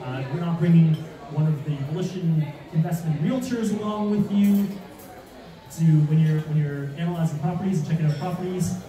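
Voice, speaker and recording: A man giving an animated real estate seminar with slides, asking the audience rhetorical questions and acting out mock panic. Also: on the high side, a little fast, faint music behind. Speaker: real estate investing speaker. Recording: echoey room, distant mic, audience.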